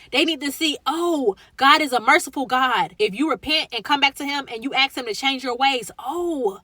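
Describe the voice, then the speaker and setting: A woman's voice: high voice, moderate pace, few pauses, bright, forceful tone, dry recording. Earnest young woman giving faith encouragement. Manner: earnest, encouraging, conversational with slang. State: emotional. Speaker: faith content creator. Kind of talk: heartfelt faith vlog.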